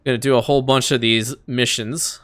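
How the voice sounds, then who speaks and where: A man giving casual let's-play commentary on a strategy game, excitable, talking to the game characters and laughing often. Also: medium pitch, a little fast. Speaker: gaming YouTuber.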